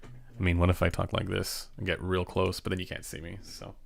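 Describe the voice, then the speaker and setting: A man hosting a casual live-stream Q&A about headphones, speaking in a relaxed, rambling way with many fillers and restarts into a slightly quiet condenser microphone. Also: deep voice, brisk, creaky. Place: home room during a studio move. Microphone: studio condenser microphone, a bit quiet.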